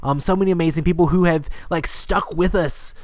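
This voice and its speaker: A podcast co-host talks casually in an upbeat, grateful way. The voice sits at a middling pitch. The sound is dry and close. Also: fairly even intonation, fairly quick, a little mellow, dry recording.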